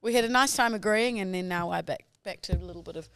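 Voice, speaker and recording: A woman's voice: mid-range voice, quick pace, a bit bright, dry recording, clean studio sound. An Australian woman co-hosting a podcast, teasing and playful in casual chat. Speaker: podcast co-host.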